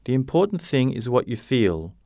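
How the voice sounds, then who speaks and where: A man voicing a kind, calm father in a read-aloud storybook. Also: mid-range voice, normal speed, vocal fry, dry recording, clean studio sound. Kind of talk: graded-reader story narration.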